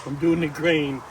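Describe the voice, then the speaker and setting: A vlog host chats casually in his backyard, rambling as he shows off his plans and talks to his animals. His voice is on the high side, and the recording has outdoor noise with the highs cut off.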